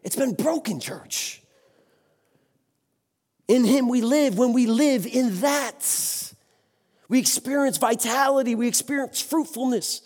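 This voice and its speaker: A man's voice: very high-pitched, slow, long pauses, darkish tone. A man preaching a sermon with passion, exclaiming and speaking to the congregation. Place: church sanctuary. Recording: long hall reverb.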